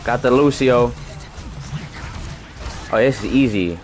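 A man's voice: mid-range voice, takes it slowly, background noise. A young man giving casual gameplay commentary, trash-talking loosely and rambling with restarts. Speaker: gaming streamer.

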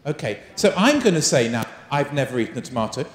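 Animated man leading a teacher workshop. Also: mid-range voice, fast. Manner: animated, coaxing, asks the room many questions. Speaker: teacher trainer giving a workshop. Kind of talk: live teacher-training workshop. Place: large conference hall. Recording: roomy echo of a large hall.

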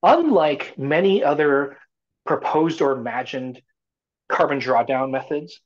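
A man's voice: a little high, animated, a little slow. A man talking as a startup CEO guest in a casual live talk, rambling and full of fillers and restarts. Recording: muffled lo-fi audio.

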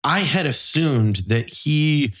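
Male podcast co-host, somewhat high voice, easygoing storyteller. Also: lively intonation, slow pace, a bit bright. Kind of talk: casual podcast chat.

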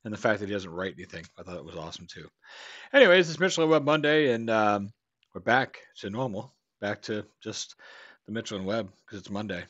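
A man's voice: fairly low pitch, fairly even intonation, a little fast, fairly bright tone, breathy edge, no room sound. American man, reaction host, rambling casual talk, dry dull mic sound. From United States. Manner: rambling, loose, swearing jokingly.

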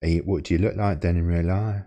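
Guy prank calling, low murky voice, creepy and whiny, keeps stammering. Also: fairly even intonation, fast talker, warm tone, muffled recording. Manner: creepy, whiny, stammering, sudden squeaky outbursts. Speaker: prank caller. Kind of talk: prank phone call.

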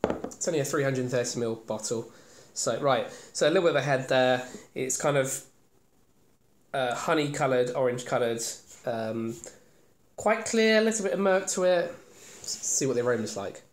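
Male beer reviewer, chatty and self-mocking, mid pitch, echoey room. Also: normal speed. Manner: chatty, rambling, self-deprecating. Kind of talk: casual solo beer review. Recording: roomy echo.

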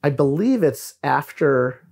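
A filmmaker talking on a podcast in a reflective way, often stopping to search for words. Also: male voice, on the high side, lively intonation, slow, gravelly, a little mellow. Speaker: guest filmmaker. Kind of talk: podcast conversation.

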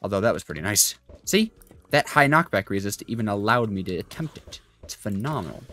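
A man's voice: fairly low pitch, sing-song, brisk, fairly bright tone, faint music behind. A young man giving rambling let's play commentary as a gaming YouTuber, chatty with lots of fillers and asides. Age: young adult.

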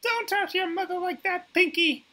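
Man putting on a high-pitched old gangster's mama, fretful, pleading, breathy, bright tone. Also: moderate pace.

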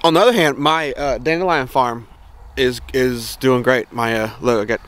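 A man's voice: mid-range voice, normal speed, a bit bright. A man with a Southern American accent, casually vlogging outdoors about his homestead in a rambling, enthusiastic way with many restarts. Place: outdoors in a yard. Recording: faint outdoor noise.

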